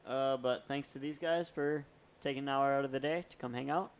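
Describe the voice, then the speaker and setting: A man's voice: mid-range voice, fairly even intonation, a little fast, clean tone. A man hosting a casual live talk show, signing off in an easygoing way. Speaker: host.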